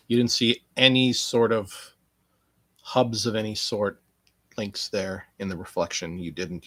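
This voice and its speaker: A man hosting a casual podcast alone, rambling and joking, swearing freely and swinging from mumbled asides to loud outbursts. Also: lowish voice, fairly even intonation, measured pace, no echo, studio quality. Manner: joking, swearing, jumps between quiet asides and loud bursts. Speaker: podcast host.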